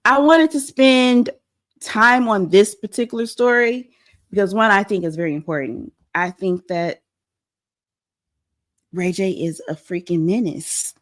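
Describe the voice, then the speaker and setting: A young adult woman hosting a pop-culture commentary show, animated and blunt, acting out quotes as she goes. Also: mid-range voice, unhurried. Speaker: host.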